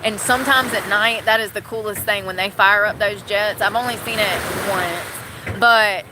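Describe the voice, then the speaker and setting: A woman's voice: medium pitch, moderate pace. Young woman, casual rambling vlog chat, phone at arm's length, noisy outdoor sound with boats and water. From North Carolina. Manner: chatty, rambling, laughs often. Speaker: vlogger.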